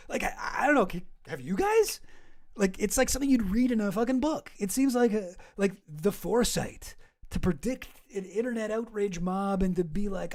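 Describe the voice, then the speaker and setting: A commentary host talks through online drama in a loose, rambling way, sarcastic and full of swearing. The voice has a gravelly, fry-heavy texture at an ordinary pitch. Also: expressive, moderate pace, darkish tone. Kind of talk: casual commentary.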